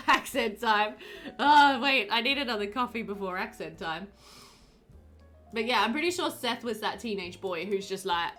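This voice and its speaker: A woman's voice: medium pitch, expressive, normal speed, a bit bright, soft background music. A woman casually chatting on a live stream while playing a game, giggling often and answering viewers' questions. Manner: chatty and giggly, reading sim bios aloud and answering chat.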